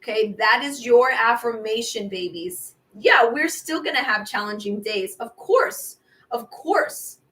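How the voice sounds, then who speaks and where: A woman with a fairly high voice leads viewers through affirmations in a casual, repetitive spiritual pep talk. She chats warmly about meditation and keeps calling her listeners babies, her eyes watering as she speaks. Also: unhurried. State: watery eyes from air purifier. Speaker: tarot reader.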